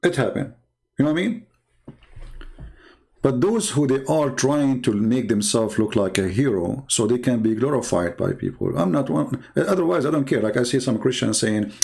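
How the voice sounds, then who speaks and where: Man, gravelly, middle pitch, earnest, emphatic, non-native phrasing, interview talk. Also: animated, normal speed, a little mellow. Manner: acts out quoted people with big pitch jumps. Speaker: Christian public speaker.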